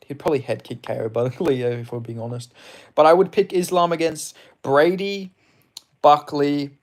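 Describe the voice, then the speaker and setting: A man's voice: mid-range voice, a little mellow. Casual young Australian male streamer, slight English tinge, loose rambling delivery with offhand swearing. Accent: Australian, somewhat mixed with English. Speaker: MMA livestream host. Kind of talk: casual livestream chat answering viewers.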